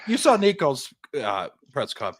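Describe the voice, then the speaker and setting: A man's voice: medium pitch, huge pitch swings, measured pace. A young man co-hosting a sports podcast, ranting heatedly and swearing often in casual chat. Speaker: podcast co-host.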